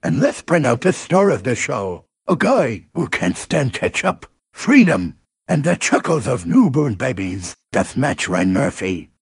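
A man voicing a bouncy robot announcer that sounds like a cartoon tiger, hooting and exaggerated, with a raspy, gravelly voice. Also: mid-range voice, very animated, measured pace, no echo, exaggerated voice. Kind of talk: comedic podcast intro bit.

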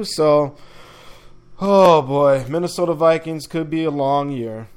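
A man's voice: on the high side, slow pace, long pauses, darkish tone, clear, resonant tone. A man hosting a casual sports talk show, loose and chatty, with slang and filler words. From upper Midwest of the United States.

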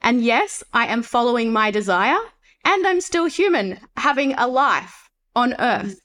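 A woman's voice: a little high, very animated, a little slow, a bit bright. A woman guest on a podcast, speaking earnestly and reflectively about her life in casual conversation. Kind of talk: casual interview chat.

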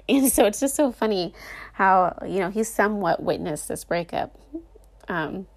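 A young adult woman casually telling a dramatic personal story, animated and full of fillers. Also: on the low side, vocal fry.

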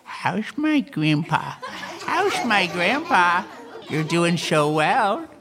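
A man's voice: sits high, very animated, takes it slowly, a crowd in the background, noisy background, full character voice. A man putting on a gushing baby-talk grown-up. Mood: cooing. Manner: sing-song cooing.

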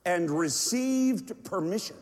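A man preaching a sermon with drawn-out emphasis, swinging from hushed lines to shouts. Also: high-pitched, expressive. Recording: long echo from a large hall.

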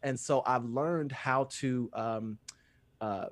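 Interview guest, male, thirties, measured and reflective, mid pitch, dry close recording. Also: dry recording. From Fort Wayne, Indiana, US. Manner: reflective, measured, with frequent fillers. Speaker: theater actor, interview guest. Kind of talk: interview conversation.

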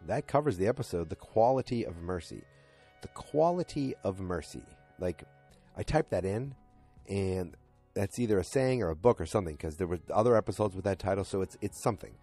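A man with a deep, slightly husky voice casually recaps a TV episode, wandering through scenes and quoting characters with lots of "you know" and "like". Faint music sits underneath his talk. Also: expressive, fairly quick, warm tone. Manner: rambling retelling full of fillers and "he's like". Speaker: podcast host recapping a TV episode.

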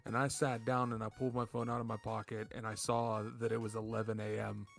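A man's voice: fairly low pitch, completely flat delivery, fast, gravelly, faint music behind. A man co-hosting a podcast, telling party stories in casual chat with a laid-back, swearing manner. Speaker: podcast co-host.

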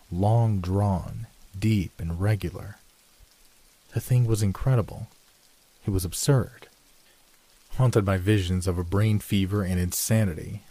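A man reading a classic ghost story aloud, in measured storytelling narration. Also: warm tone. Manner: measured storytelling, lifts pitch for dialogue. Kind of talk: scripted audiobook narration.

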